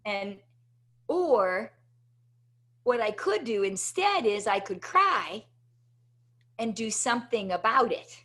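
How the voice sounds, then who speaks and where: High-voiced woman telling a story. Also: slow pace, pauses often. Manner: animated, tags many sentences with "right?". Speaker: interview guest, motivational speaker. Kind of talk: personal storytelling in conversation.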